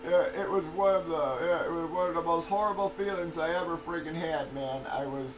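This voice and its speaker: A man's voice: on the high side, fairly quick, recorded from a distance. A man casually chatting on a livestream, rambling, swearing freely and laughing often while telling a story. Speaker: livestream host of card breaks. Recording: voice a bit off-mic with faint noise.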